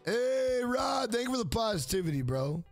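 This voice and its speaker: A man's voice: very high voice, normal speed, vocal fry, raised voice. A man streaming a game live, cursing and trash-talking the screen, and greeting and thanking viewers in the chat. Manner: profane, excitable trash talk at the screen. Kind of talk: live-streamed gameplay commentary. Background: game music.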